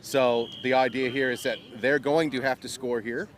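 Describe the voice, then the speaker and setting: A man's voice: mid-range voice, fairly even intonation, moderate pace. A man giving casual live commentary on a local football game outdoors, explaining the rules as he goes. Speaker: play-by-play commentator. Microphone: live stream mic.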